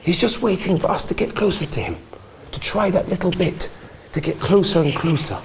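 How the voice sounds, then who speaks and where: High-voiced rabbi pleading in a sermon. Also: male voice, a little fast, creaky, a little hiss or hum. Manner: swings between pleading shouts and hushed near-whispers. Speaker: rabbi giving a talk. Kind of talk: emotional story sermon.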